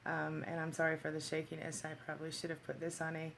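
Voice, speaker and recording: This livestream host has a low, monotone voice with vocal fry and a fairly bright tone, with slight background noise behind her. Chatting casually from her phone, she says hello to viewers by name and reads out their comments. Her laughter comes easily and her speech arrives in quick bursts.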